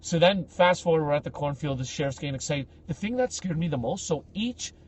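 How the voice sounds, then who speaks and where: A man telling a story on a casual podcast, slangy and animated, acting out the people in it. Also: a little high, fairly quick, husky. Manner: animated, acts out quoted speech with big loud jumps; slangy, says bro and like a lot.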